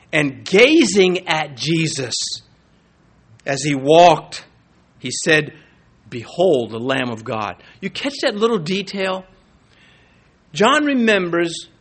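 A male pastor preaching a sermon, emphatic and animated. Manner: animated, emphatic preaching with big swings in pitch.

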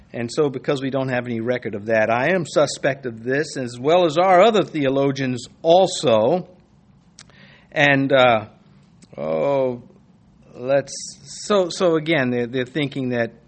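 A man preaching an expository sermon in a conversational way, reading scripture and acting out quoted voices with the odd chuckle. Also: medium pitch.

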